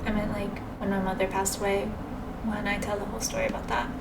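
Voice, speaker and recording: A woman's voice: mid-range voice, little pitch movement, fast, creaky. A woman hosting a reaction video, giving casual, matter-of-fact, reflective commentary. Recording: distant mic with background noise.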